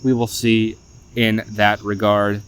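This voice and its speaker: A young man, hosting a casual sports podcast, chatty and animated, often saying "y'all". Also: lowish voice, slow, clear, resonant tone. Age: young adult. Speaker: podcast host.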